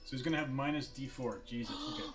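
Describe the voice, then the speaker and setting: A man's voice: mid-range voice, rapid-fire, music in the background. A man running a tabletop game as game master, easygoing, laughing often as he explains the rules.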